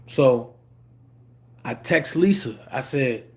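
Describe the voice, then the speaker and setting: A man, telling a personal story in a casual monologue and jumping into high voices to quote people. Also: moderate pace, pauses often. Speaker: YouTube commentator.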